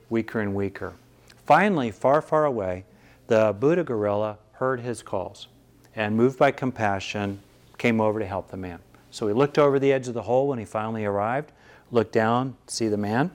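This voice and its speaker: A man teaching meditation to a live audience. His delivery is thoughtful and searching, with frequent restarts. His voice sits at an ordinary middle pitch.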